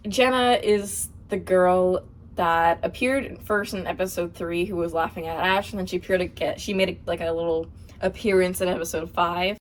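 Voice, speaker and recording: A woman's voice: fairly low pitch, normal speed. A young woman hosting a casual question-and-answer vlog, chatty and a little hesitant, with frequent fillers and laughs. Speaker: channel host.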